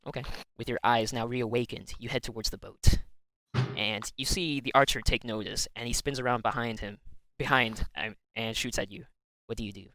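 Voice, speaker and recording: Bright-voiced man running a tabletop game. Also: medium pitch, steady tone, normal speed, dry recording, low-quality recording. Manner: laid-back, laughs often. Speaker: game master.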